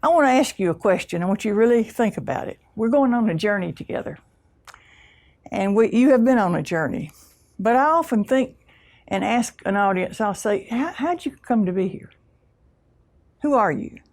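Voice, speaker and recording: A woman with a deep Southern US accent, giving a humorous, folksy keynote talk full of self-deprecating stories and drawn-out vowels. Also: lively intonation, darkish tone. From Southern US (Alabama, Mississippi). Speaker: keynote speaker.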